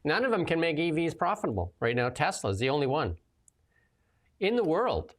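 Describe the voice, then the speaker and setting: His pitch is fairly high and swings widely, and he talks at a normal speed. He hosts a political talk show, commenting casually and rambling, with plenty of sarcasm and laughter.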